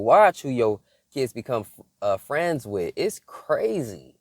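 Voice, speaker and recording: Speaking at medium pitch, a young faith vlogger from Michigan recounts a casual story in an animated way, frequently laughing and throwing in playful mock scolding. The audio is studio quality, without echo.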